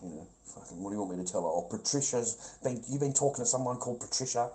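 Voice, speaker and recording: A man's voice: expressive, fast, few pauses, dark tone, rough recording. A man on a live stream, talking to his chat in a profane, confrontational way, calling everyone mate and brother. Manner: trails off into low mumbling. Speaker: livestreamer.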